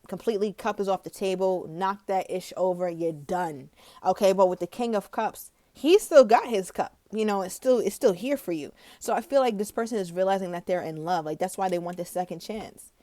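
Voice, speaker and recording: Female tarot reader, mid-pitched, dry close mic, animated and chatty. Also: no echo. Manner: animated, chatty, laughs often, dramatic emphasis. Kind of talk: casual tarot reading monologue.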